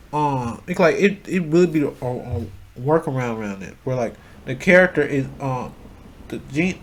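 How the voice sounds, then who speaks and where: A man's voice: mid-range voice, a little hiss or hum. A man in a casual, rambling rant, full of fillers and restarts, swearing freely and growing heated. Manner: grows loud and heated. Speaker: channel host. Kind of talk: casual rant about voice acting.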